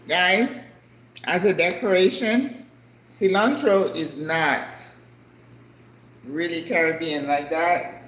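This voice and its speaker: An older woman hosting a cooking vlog, chatting casually and exclaiming excitedly over the food as she plates it. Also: fairly low pitch, slow, pauses often, echoey room, low-quality recording.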